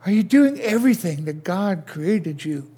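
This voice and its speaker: Slow high-voiced older male pastor. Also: animated, slightly rough. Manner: slow, questioning preacher who swings from loud to hushed. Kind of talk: sermon.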